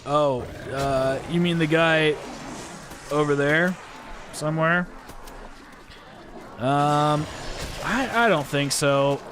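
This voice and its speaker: This young man from the United States, a gaming podcast host, rambles and chats loosely during gameplay and laughs a lot. He speaks a little high and slowly, leaving long pauses, over some background noise.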